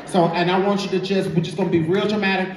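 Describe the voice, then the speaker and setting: A man with a high voice hosts a live drag show in a large theater, speaking quickly with fairly even intonation while he teases an audience member on stage, sassy and laughing. A phone in the crowd captured it from a distance, leaving echo and crowd noise.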